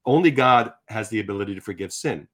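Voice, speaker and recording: A man in his sixties telling his conversion story in conversation, animated, acting out quotes as he talks. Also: on the low side, quick pace. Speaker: guest sharing his testimony. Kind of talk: conversational faith testimony.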